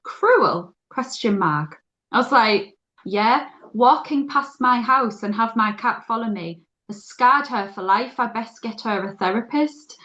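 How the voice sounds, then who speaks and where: A middle-aged woman co-hosting a podcast, telling a story in a lively, chatty way and laughing often. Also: fairly high pitch, lo-fi sound. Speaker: podcast co-host. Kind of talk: casual chat.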